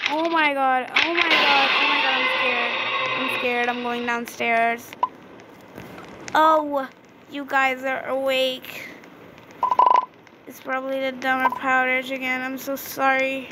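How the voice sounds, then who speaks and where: A woman giving casual gameplay commentary, chatty and excitable, reading game dialogue aloud. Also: sits high, measured pace, long pauses. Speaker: gaming video creator. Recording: noticeable background noise.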